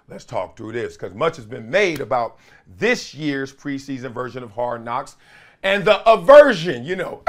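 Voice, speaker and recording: A middle-aged man hosting an animated sports talk show, playful, with quick asides and impressions. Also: mid-range voice. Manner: lively, playful, drops into quick impressions and chants. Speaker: host.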